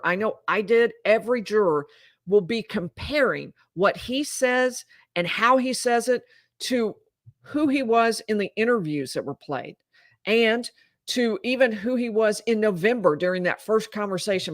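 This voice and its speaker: A woman giving animated, incredulous commentary while recapping trial testimony and acting out quoted dialogue. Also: mid-range voice, no room sound, clean studio sound. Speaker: legal commentator.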